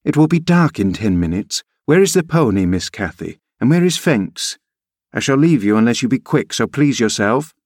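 A man's voice: medium pitch, very animated, normal speed, darkish tone, dry recording, studio quality. A man reading an audiobook, voicing a stern female housekeeper who scolds in a raised tone. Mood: impatient.

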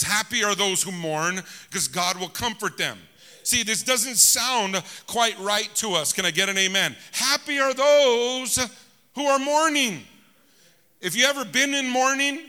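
Man, pastor, sermon, call-and-response, high-pitched, long hall reverb. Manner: calls out to the congregation for amens, swings between shouting and hushed tones. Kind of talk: preaching a sermon.

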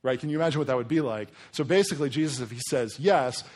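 A man's voice: medium pitch, racing, darkish tone. A man preaching a sermon in a casual, conversational way, with frequent asides to his congregation. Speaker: pastor.

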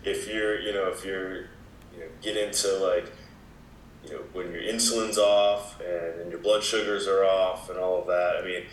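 A man talking as a wellness expert guest in a casual interview, with a relaxed, explaining manner full of "you know" fillers. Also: sits low, normal speed, slight background noise. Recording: echoey room.

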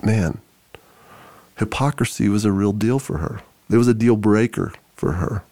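A man telling a story on a podcast, animated, with many restarts and acted-out voices. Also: on the low side, normal speed, dry recording. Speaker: podcast co-host, church forum leader. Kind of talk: storytelling conversation.

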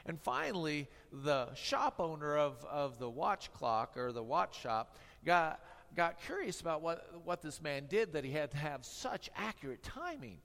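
Male pastor, wry storyteller, a touch high-pitched, heard in an echoing church hall. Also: sing-song, measured pace, creaky, few pauses, fairly bright tone. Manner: humorous, tongue-in-cheek storytelling. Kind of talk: sermon.

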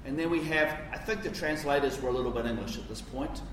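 This preacher talks quickly with few pauses in a medium-pitched voice, keeping his sermon conversational and emphatic with casual asides. The church recording has a roomy, distant echo and a little background noise.

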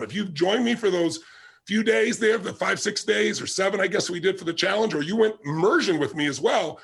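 A man giving a motivational talk with personal stories, emphatic and driving, repeating his key points. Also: high voice. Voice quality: gravelly, husky. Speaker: motivational speaker.

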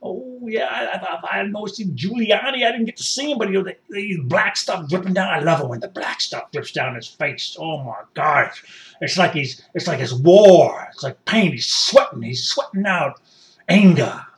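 A rambling, fired-up country rioter. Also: male voice, high voice, animated, moderate pace, far from the mic. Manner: rambling, boastful, folksy. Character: excitable folksy rural male rioter, rambling. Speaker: interview guest. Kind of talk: satirical mock interview.

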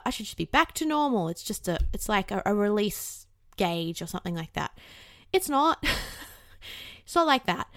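A woman's voice: medium pitch, no room sound, studio quality. A young woman giving casual, candid advice to the camera. She swears freely and acts out the voices in her head. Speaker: self-help vlogger.

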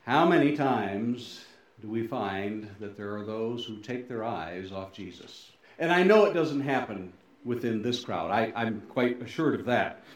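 Middle-aged guy preaching, voice rises and drops a lot, real lively, big echoey church. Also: measured pace. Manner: dramatic swings between loud emphasis and soft low endings; folksy asides and self-deprecating humor. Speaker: pastor. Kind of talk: sermon. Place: church sanctuary.

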